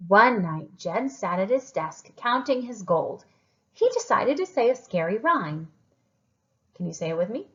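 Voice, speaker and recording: Expressive woman teacher reading aloud. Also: mid-range voice, a little slow, muffled recording. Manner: expressive, animated, encouraging. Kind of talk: reading a story aloud to children.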